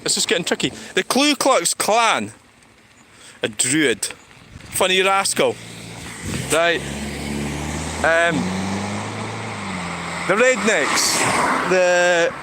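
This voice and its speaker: A man's voice: high-pitched, animated, very slow, pauses often. A Scottish man streaming while he walks a town street, rambling and swearing as he answers viewers' comments. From Scotland. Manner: rambling, sweary, talks back to chat. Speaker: livestreamer. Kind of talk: casual walking livestream chat. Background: street traffic noise.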